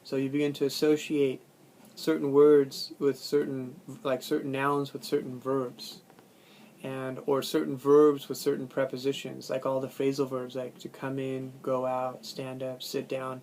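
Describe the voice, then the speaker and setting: A man's voice: medium pitch, monotone, a little slow, darkish tone, slight background noise. A man teaching a language course, lecturing in a conversational way and explaining ideas with spoken examples. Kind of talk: recorded classroom lecture.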